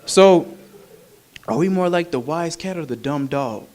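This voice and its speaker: A male minister preaching a sermon in an animated, humorous, conversational way. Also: fairly high pitch, measured pace.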